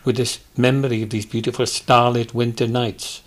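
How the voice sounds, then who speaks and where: A man with a Welsh Valleys accent, chatting as a guest and telling stories in an animated way. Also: medium pitch, moderate pace. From Wales. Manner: animated storyteller, hesitant restarts, does voices. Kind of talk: casual chat.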